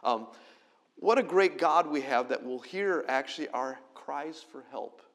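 A middle-aged pastor delivers a sermon in an easy, conversational way. His voice rises into loud, emphatic lines and then falls back to quiet, close-spoken stretches. He sits at an ordinary middle pitch for a man. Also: expressive, a little slow, gravelly.

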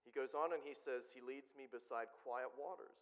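A man's voice: mid-range voice, normal speed. Preacher man in a reverberant hall. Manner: conversational, asks the congregation questions. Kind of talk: sermon. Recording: dull sound with long hall reverb.

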